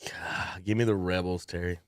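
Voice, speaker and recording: A man's voice: low-pitched, steady tone, moderate pace, smooth, no room sound. A man hosting a casual sports talk show, joking and laughing as he runs through picks. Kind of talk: casual sports radio banter.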